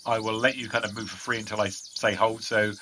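Bright-voiced man running a tabletop game. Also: fairly low pitch, level tone, fast, soft background music. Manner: descriptive with frequent restarts. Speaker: game master.

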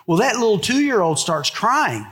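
A man preaches a sermon from the pulpit. His voice sits a bit high, and he talks like he's telling a story to friends, then sinks low and quiet when he makes his serious points. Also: big pitch swings, measured pace. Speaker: pastor.

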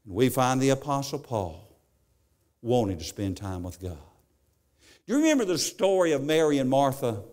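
A man's voice: medium pitch, very animated, moderate pace, darkish tone. A male preacher giving a sermon, telling stories and often repeating his words as he goes.

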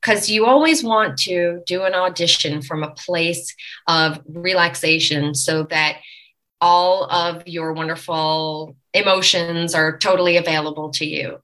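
Bright-voiced woman dialect coach. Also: on the low side, measured pace, poor audio. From Long Island, New York. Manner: animated, instructive explanations. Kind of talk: podcast interview.

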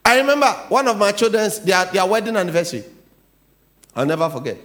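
Middle-aged Ghanaian pastor, lively sermon delivery, light high-set voice. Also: male voice, fast talker. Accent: Ghanaian English. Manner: animated preaching, swings from low asides to loud declarations.

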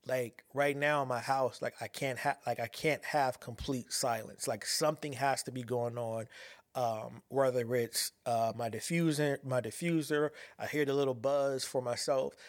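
A man telling a personal story in a halting, reflective way, with many restarts as he searches for words. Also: medium pitch, steady tone, no room sound, clean studio sound. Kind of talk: personal monologue about anxiety and a dream.

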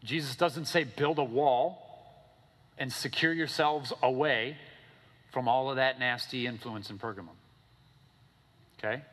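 A man preaching a sermon in a casual, animated storytelling way, often checking in with "okay?" and "right?". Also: unhurried, pauses often. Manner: animated storytelling, acting out characters with big pitch swings. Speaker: pastor. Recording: long hall reverb.

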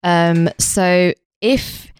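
A woman hosting a comic podcast, restarting and stumbling through her lines. Her voice sits a little low and comes across smooth and clear. The sound is close and dry. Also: very slow, no echo. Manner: hesitant, many restarts, frequent laughter. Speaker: podcast host. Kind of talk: casual comedic chat.

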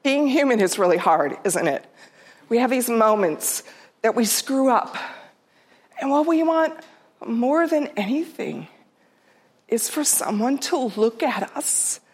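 Middle-aged woman, fairly high voice, heartfelt storyteller, unhurried, goes soft and hushed at tender points. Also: lively intonation, breathy edge. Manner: heartfelt, unhurried, drops to a soft near-whisper at tender moments. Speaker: storyteller speaker. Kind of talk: personal storytelling talk.

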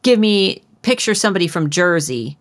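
A woman's voice: on the low side, expressive, moderate pace. A woman from Ohio co-hosting a book podcast, talking casually with rambling restarts and fillers. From Ohio, USA. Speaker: podcast co-host. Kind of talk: casual book-discussion chat.

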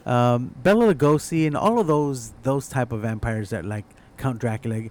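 A man chatting casually with friends, relaxed, swearing often and trailing off mid-sentence. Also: medium pitch, normal speed. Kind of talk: casual chat.

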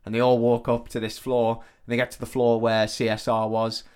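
A man's voice: mid-range voice, completely flat delivery, moderate pace, a little mellow, smooth. Guy retelling a movie plot on a podcast, sweary, laughy, does the lines. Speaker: podcast co-host. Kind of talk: casual chat retelling a film plot.

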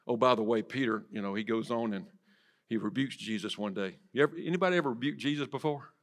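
A man preaching a sermon in church, swinging from loud to hushed and asking the congregation direct questions. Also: mid-range voice, fast. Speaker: pastor. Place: church sanctuary.

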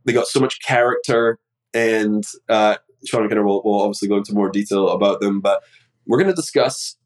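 Host, male, lower voice, slightly sick, earnest and filler-heavy intro on a remote call. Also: a little fast, rough recording. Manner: warm, earnest, many fillers. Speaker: podcast host. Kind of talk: casual interview intro. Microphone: remote recording.

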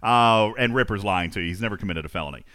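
A man's voice: lowish voice, fast, pushed and bright, no room sound, studio quality. A man hosting a casual livestream, joking, laughing often and announcing segments in a sing-song way. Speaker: livestream host.

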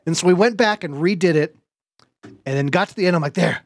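A man hosting a podcast, telling a story in lively casual chat, laughing often and swearing now and then. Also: high-pitched, quick pace, no echo, studio quality. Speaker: podcast host.

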